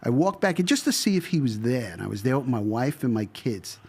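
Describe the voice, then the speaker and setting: A man's voice: mid-range voice, big pitch swings, a little fast, a little mellow, breathy edge. A man in casual podcast chat, reminiscing and chiming in with agreement. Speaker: podcast guest, childhood friend.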